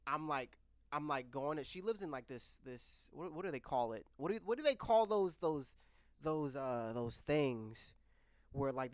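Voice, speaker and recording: A young vlogger in his twenties, with a mid-range voice, rambles candidly through a personal story for his viewers and frequently restarts his sentences. The recording has no echo and a close microphone.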